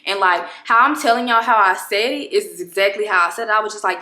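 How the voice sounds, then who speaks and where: A woman vlogger at home, telling a story to camera in an expressive, exasperated way, with many restarts. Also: mid-range voice, fast, roomy sound. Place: home apartment room.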